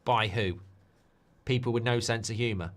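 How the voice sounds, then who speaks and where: Speaking at a moderate pace in a mid-range voice, this host of a live football watchalong chats loosely with his viewers and responds to their messages. He voices strong opinions, constantly adds tag questions, and slips into heated rants to make his points.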